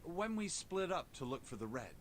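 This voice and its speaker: An actor voicing a composed, refined young man in a video game, formal and measured in his speech. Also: a little high, sing-song, slight background noise. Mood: calm.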